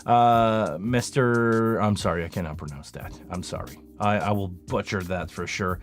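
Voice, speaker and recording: Chatting at normal speed, a low-voiced Canadian live sound engineer runs a casual Q&A on his live stream. He rambles in a self-deprecating way and leans on plenty of fillers.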